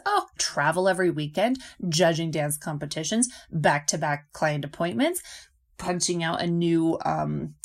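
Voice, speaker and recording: A woman hosting a podcast as a nutrition coach, talking casually and animatedly, acting out inner voices and laughing often. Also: on the low side.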